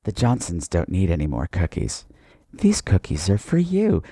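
A man's voice: low voice, wildly swooping pitch, normal speed, dark tone, breathy edge, dry recording, pitched below the performer's own voice, exaggerated voice. A man voicing a manic suburban housewife neighbor who gushes with false sweetness. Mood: insistent. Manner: gushing, sugary, falsely sweet.

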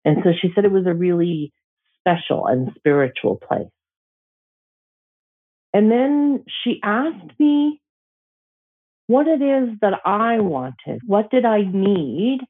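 Gentle woman elder over tinny audio. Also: on the low side, lively intonation. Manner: slow, gentle, emotional telling with pauses. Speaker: Métis elder sharing a personal story. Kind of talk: reflective personal storytelling.

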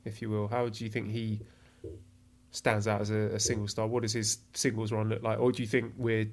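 A man's voice: on the low side, monotone, a little fast. Man reading listener questions. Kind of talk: casual interview questions.

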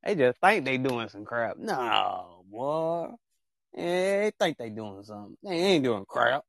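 A man hosting a casual podcast, joking around in animated, slangy banter and repeating himself often. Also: medium pitch, unhurried, gravelly, no room sound, clean studio sound. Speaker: podcast host.

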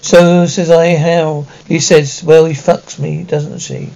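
A man's voice: a little high, flat delivery, takes it slowly, vocal fry, warm tone, highs cut off. A man reading as a crude, indignant goatherd. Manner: crude, indignant tavern storytelling. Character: crude aggrieved male peasant goatherd, coarse and indignant.

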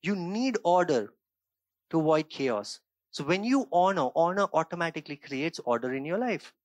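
A man delivers an earnest sermon in a somewhat high voice, dropping into quiet reflective passages before rising into emphatic bursts. He often checks in with his listeners, asking "right?" and "okay?" The sound is dry and close to the mic. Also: sing-song, moderate pace, dry recording. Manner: shifts between quiet reflective stretches and raised emphatic bursts. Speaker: pastor.

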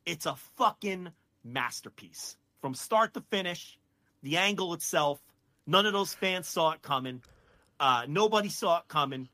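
A man co-hosting a podcast, ranting with heated, profane excitement in casual chat. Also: fairly high pitch, a little slow. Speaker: podcast co-host.

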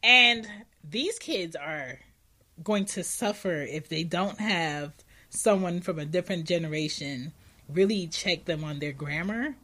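An animated woman hosting a parenting podcast, telling lively stories in casual conversation. Her voice is bright and forward. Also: on the low side, unhurried. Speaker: podcast host.

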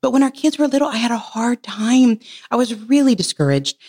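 Animated woman telling a heartfelt story. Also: brisk. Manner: animated, laughs often, jumps high in pitch when quoting herself; earnest and heartfelt. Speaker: podcast guest. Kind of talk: casual interview storytelling.

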